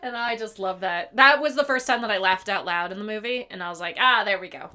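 A woman's voice: mid-range voice, fairly quick, sharp tone. A woman co-hosting a casual podcast chat about a movie, giggly and chatty, swearing now and then. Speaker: podcast co-host.

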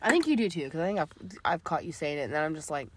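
A woman's voice: low voice, rapid-fire, a little hiss or hum. A woman with a Boston accent, chatting casually as a podcast co-host inside a car and telling stories in a rambling way with lots of "like". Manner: animated storyteller, restarts, lots of "like". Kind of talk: casual chat.

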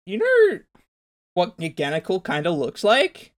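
Man goofy rambling co-host, higher voice, very lively pitch. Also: a little slow. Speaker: podcast co-host. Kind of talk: casual chat.

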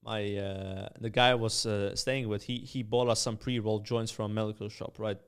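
A young man from Malta, a podcast guest telling rambling, animated anecdotes full of fillers. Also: on the low side, normal speed, smooth. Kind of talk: casual storytelling.

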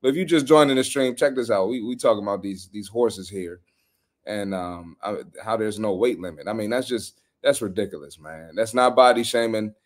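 A man hosting a fitness podcast, giving blunt, animated reaction commentary on social media posts with slangy trash talk. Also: fairly low pitch, moderate pace.

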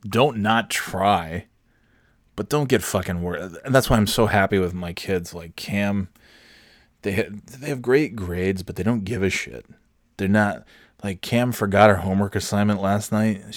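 A man's voice: on the low side, no echo, clean studio sound. A man telling stories in a casual, profane rant about school and parenting. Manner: profane, animated storytelling. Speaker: podcast host, parent. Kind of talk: casual ranting monologue.

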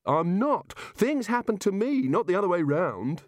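Cowardly male wizard, high, whiny and defiant, voiced by a man; dry booth sound. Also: expressive, measured pace, dry recording. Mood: indignant.

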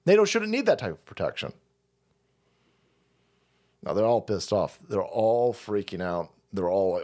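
A man's voice: lowish voice, sing-song, unhurried, long pauses, a little mellow. A man hosting a stream, delivering a profane, sarcastic rant of political commentary. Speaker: streamer host.

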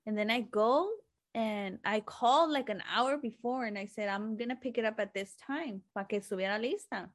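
Woman, casual podcast chat, animated storytelling, fairly high voice. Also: moderate pace. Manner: animated storytelling, switching between English and Spanish, swearing freely. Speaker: podcast co-host.

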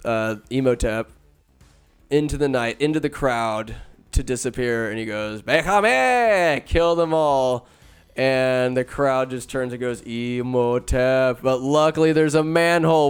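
A man casually retelling a movie plot with sarcastic, jokey asides, jumping between loud bursts and muttered remarks. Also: medium pitch, clear, resonant tone. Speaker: movie recapper. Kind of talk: casual comedic movie recap.

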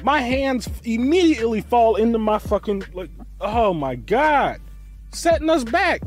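A high-pitched man hosts a reaction show, loud and animated, with his voice swinging widely as he rants and swears freely. Faint music sits behind him. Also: a little slow. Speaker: host. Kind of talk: profane reaction commentary.

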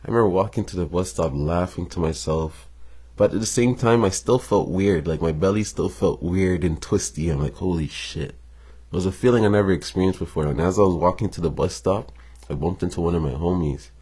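A man's voice: low voice, brisk, darkish tone, slightly rough. A young man telling a personal story in a casual, slangy monologue, swearing freely and chuckling between lines.

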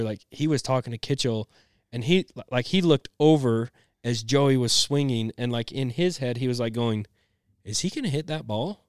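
A young man co-hosting a podcast, telling a family story in an animated way and laughing often. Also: mid-range voice, clear, resonant tone, no echo, clean studio sound. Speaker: podcast co-host. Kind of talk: casual storytelling chat.

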